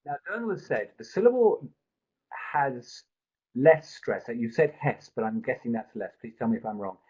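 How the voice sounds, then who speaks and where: A man's voice: mid-range voice, expressive, normal speed, darkish tone, poor audio. A man tutoring a live online pronunciation seminar, explaining at length and thinking aloud with restarts, speaking into a computer mic.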